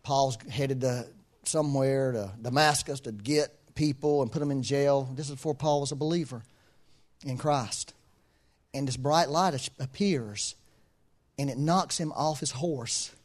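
A man preaching a sermon in an animated, conversational way, often chuckling between points. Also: mid-range voice, measured pace.

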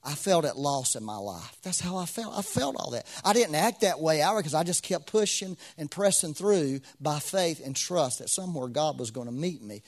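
A man's voice: on the high side, lively intonation, moderate pace, hardly any pauses. A man preaching a sermon to a congregation, repeating phrases with swelling intensity. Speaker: pastor.

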